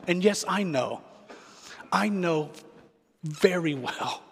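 A man's voice: fairly high pitch, slightly rough. Man preaching in a reverberant hall. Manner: reflective, earnest preaching with repeated phrases. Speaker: pastor. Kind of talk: sermon.

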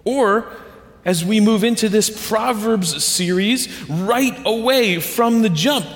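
A man's voice: high-pitched, slow pace. A man, the pastor, giving a sermon in a conversational, storytelling way, acting out quoted voices. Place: church sanctuary. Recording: long church reverb.

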